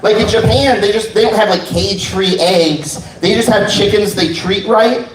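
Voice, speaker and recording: A man's voice: high-pitched, normal speed, noisy background. A man telling personal stories in a stand-up set, wry and laid-back. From United States. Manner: wry, laid-back storytelling with quoted asides. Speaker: stand-up comedian. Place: comedy club stage. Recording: roomy live sound from a distance.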